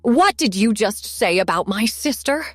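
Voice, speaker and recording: A woman voicing a protective, fiercely loyal young brother who speaks low and firm in a story reading. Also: animated, a little slow, breathy edge, dry recording, faint music behind. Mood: angry. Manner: low, firm, then gentle.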